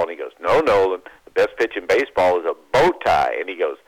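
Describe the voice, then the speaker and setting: A man with a fairly low voice spins lively baseball stories as a guest on a radio talk show. He acts out the lines of the people in his tales, then turns quiet and reflective. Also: quick pace, few pauses. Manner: animated anecdote teller, mimics voices. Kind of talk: phone-in radio interview, storytelling. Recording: phone line.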